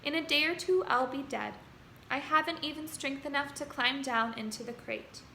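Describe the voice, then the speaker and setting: A wise, weary spider who speaks softly and calmly, read by a woman. The voice is bright and sits in an echoey room. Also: moderate pace, slight background noise. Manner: soft and low, calm. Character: dying female spider, calm and wise. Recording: roomy room echo.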